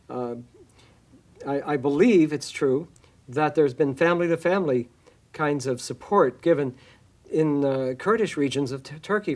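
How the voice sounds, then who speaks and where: A church minister with a higher-pitched voice gives a reflective interview answer. He speaks haltingly, with frequent restarts and fillers.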